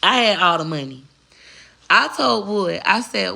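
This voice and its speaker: A woman's voice: lowish voice, animated, normal speed, gravelly, sharp tone, husky. A woman vlogger telling a personal story in a candid, blunt and profane way. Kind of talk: casual storytelling to camera.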